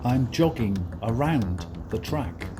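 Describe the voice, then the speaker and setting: British guy teaching english words by a running track, slow and halting, music playing underneath. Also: medium pitch, lively intonation. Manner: halting, many fillers, clear simple phrases. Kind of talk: slow spoken vocabulary lesson with commentary.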